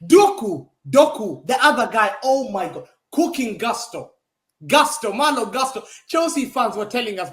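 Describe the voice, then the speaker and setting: Animated ranting football pundit, high lively voice. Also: male voice, normal speed. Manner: animated, mocking, emphatic repetition. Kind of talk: heated football fan talk show rant. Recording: roomy echo.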